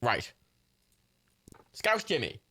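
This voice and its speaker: A man's voice: mid-range voice, wildly swooping pitch, extremely slow, bright, forceful tone. A young English man in casual, rambling and self-mocking gameplay commentary as a livestreamer.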